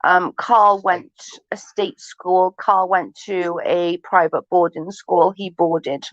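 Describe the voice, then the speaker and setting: A woman's voice: on the low side, fairly even intonation, slow, no echo. A chatty woman hosting a casual livestream, swearing freely and laughing often as she chats with viewers. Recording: dull lo-fi stream audio.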